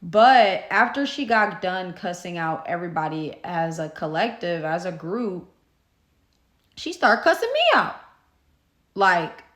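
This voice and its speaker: Chatty young woman, low voice, roomy room. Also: fairly bright tone. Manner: chatty, swears freely, lots of "like" and "you know". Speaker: YouTuber telling a story. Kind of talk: casual storytime vlog. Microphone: phone camera. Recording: roomy phone recording.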